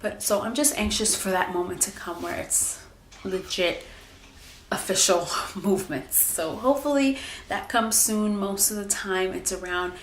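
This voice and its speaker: A woman in her twenties with a mid-range voice shares an informal pregnancy update, her candid chat loaded with likes and ums. The recording has a bit of hiss or hum, set in an echoey room with faint ambience.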